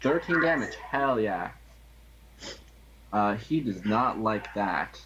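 A man's voice: fairly low pitch, lively intonation, slow, fairly bright tone. A man narrating a tabletop game as its game master, hesitating often with ums and uhs. His voice comes through slightly muffled, with a faint room hiss underneath. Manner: hesitant, many fillers.

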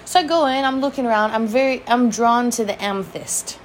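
A vlog host tells a rambling personal story on her own show, swearing freely, laughing a lot, making fun of herself and wandering into asides. Her voice is fairly high at a normal speed, with slight background noise.

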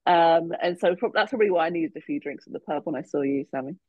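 A woman's voice: fairly low pitch, fast, no echo. Woman, coach as podcast guest, giggly storyteller, dry close sound. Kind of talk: casual podcast chat. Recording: dull lo-fi podcast audio.

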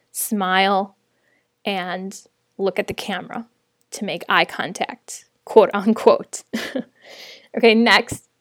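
A woman with a mid-range, slightly bright voice offers practical tips on teaching online, speaking casually to camera. She's friendly and conversational, with light laughs. The studio-quality recording has no echo.

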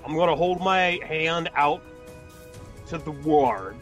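A man playing a tabletop game, excitable and hamming up his risky moves. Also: a little high, takes it slowly, faint music behind. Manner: excitable and hammy, hypes his own moves. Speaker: player. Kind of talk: casual tabletop game chat.

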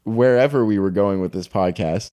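Excitable young man, podcast co-host. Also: fairly low pitch, normal speed. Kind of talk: casual chat.

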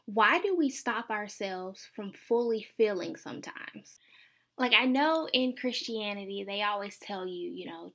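A woman's voice: mid-range voice, takes it slowly, bright, forceful tone. A young woman hosting a faith podcast, talking earnestly and confessionally, with lots of "like". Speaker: podcast host. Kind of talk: casual faith podcast monologue.

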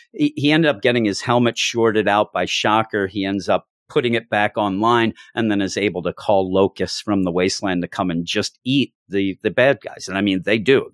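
A man's voice: lowish voice, no room sound, studio quality. A man co-hosting a podcast, chatting casually about a comic issue and acting out character lines. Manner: acts out character lines in raised voices. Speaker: podcast co-host. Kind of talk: casual comic book review chat.

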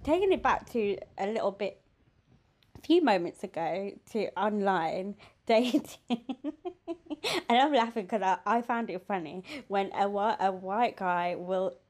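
Casting: young woman podcast co-host, giggly, animated, mid-pitched chat. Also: measured pace.

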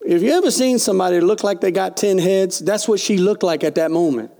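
A male pastor preaches in a high, gravelly voice. He talks folksy and direct, firing questions at the congregation. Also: brisk, warm tone. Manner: folksy preaching with call-and-response. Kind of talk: sermon.

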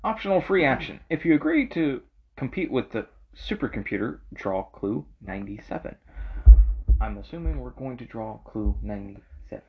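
A man's voice: mid-range voice, lively intonation, normal speed. A man co-hosting a casual podcast, cracking crude jokes and reading story passages aloud. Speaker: podcast co-host reading a gamebook. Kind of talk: casual game-night podcast banter. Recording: muffled lo-fi audio.

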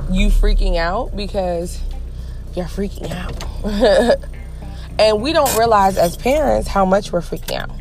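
Casting: young woman, solo podcast host, candid and chatty, music bed underneath. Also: medium pitch. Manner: candid, chatty, animated retelling with quoted voices. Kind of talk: casual solo talk.

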